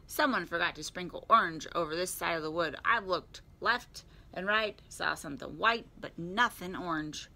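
A woman reading aloud and voicing a boisterous, bouncy male tiger in a storybook, loud and playful. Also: fairly low pitch, normal speed, vocal fry, few pauses.

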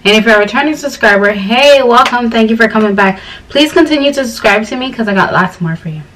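A woman's voice: fairly high pitch, fast, far from the mic, slight background noise, poor audio. A young woman from Ghana, chatting casually and rambling as a vlogger talking to camera. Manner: chatty, rambling storytelling with animated quoted voices.

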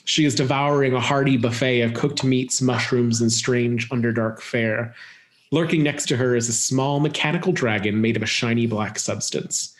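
A man runs a tabletop game, describing scenes in an unhurried, descriptive way. His voice sits at an ordinary pitch. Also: fairly even intonation. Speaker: game master.

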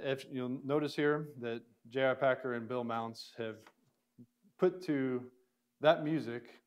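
A man teaching a classroom lesson, slowly sounding out words syllable by syllable and putting questions to his students. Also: mid-range voice, darkish tone.

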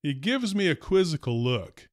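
A man, a former school principal, tells stories from his career in a wry, deadpan first-person narration. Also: a little high, moderate pace, no room sound. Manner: dry, wry humor, deadpan delivery.

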